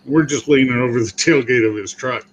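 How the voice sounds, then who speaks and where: A man's voice: medium pitch, brisk, slight background noise, rough recording. Chatty man spinning a yarn. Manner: chatty, animated storyteller. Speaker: barbecue YouTuber co-host. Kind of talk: casual chat.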